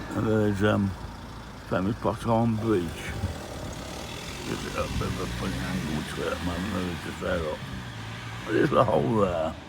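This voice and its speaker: A man's voice: low voice, noisy background. An older man chatting casually through a travel vlog, with grumbling asides tagged "eh?", filmed on a handheld camera outdoors and from his van. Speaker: van life vlogger. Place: outdoors and in a van, touring villages.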